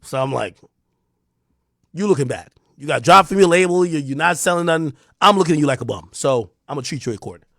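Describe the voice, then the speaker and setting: Brief: New Jersey man, livestream host, confrontational rant, high lively voice, dry close sound. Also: quick pace, vocal fry, no room sound. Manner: taunting, confrontational, swings between loud and low. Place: home streaming room.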